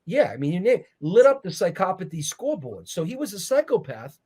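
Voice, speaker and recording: A man's voice: high voice, big pitch swings, a little fast, a little mellow, slightly rough. A man speaking as an interview guest and author, explaining in an earnest, preacherly way. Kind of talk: conversational interview.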